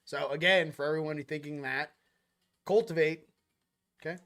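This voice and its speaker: A man's voice: on the high side, steady tone, normal speed, a bit bright. A man hosting a casual spiritual chat show, rambling between topics in a slangy, offhand way. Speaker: host.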